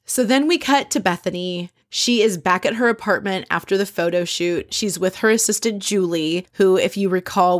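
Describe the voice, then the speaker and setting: A woman's voice: fairly low pitch, dry recording, studio quality. A woman casually recapping a reality show episode, chatty and opinionated, sometimes acting out what the cast said. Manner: chatty, opinionated, acts out quoted lines.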